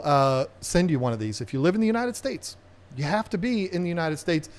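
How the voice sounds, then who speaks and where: A man's voice: a little high, expressive, a little fast. A man hosts a live stream about fish tanks with a slightly raised voice. He talks casually and rambles playfully between topics, joking with viewers as he goes. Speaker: aquarium channel host.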